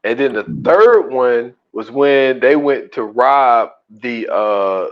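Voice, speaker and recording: A man co-hosts a casual movie-review podcast, an animated storyteller who acts out scenes and laughs a lot. His voice is medium-pitched and slow, and the recording sounds muffled.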